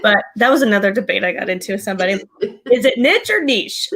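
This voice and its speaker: A woman co-hosting a casual live marketing chat, chatty and quick to laugh. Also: medium pitch, a bit bright. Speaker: co-host. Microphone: desk mic with a gain knob.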